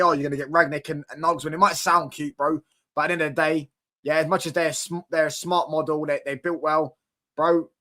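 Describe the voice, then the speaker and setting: Young guy ranting about football to his stream chat, quick talker, kinda high voice, slangy and animated. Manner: animated, fan slang, repeats "do you get what I'm saying". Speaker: football live stream host. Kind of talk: casual live stream chat.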